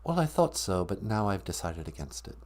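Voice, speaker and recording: A man putting on a dead male English rock star's ghost with an English accent, speaking in a soft, formal, courtly way. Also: deep voice, sing-song, brisk, pitched below the performer's own voice. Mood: confessional.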